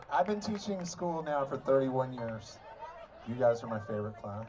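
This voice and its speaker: A man's voice: mid-range voice, normal speed. A man fronting a band at a large live concert, singing and bantering playfully with the crowd through a stage mic. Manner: playful, joking crowd work.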